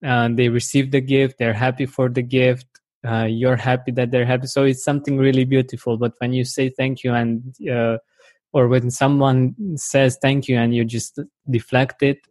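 A man's voice: medium pitch, little pitch movement, moderate pace, darkish tone, no echo, clean studio sound. A man hosting a podcast interview, agreeing with his guest and searching for words as he adds his own thoughts. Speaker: podcast host. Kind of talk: conversational interview.

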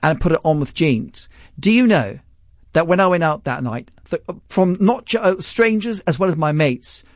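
A man with a posh southern English accent, a magician guest on a radio show, telling stories in an animated way and laughing often. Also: a little high, normal speed, no room sound, studio quality. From London. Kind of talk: radio interview.

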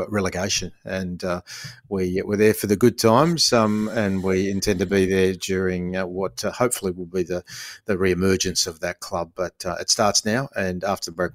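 A man with an Australian accent hosting a podcast in casual chat, relaxed and calling people "mate". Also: sits low, normal speed, dry recording. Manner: relaxed, says "mate" often. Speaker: podcast host.

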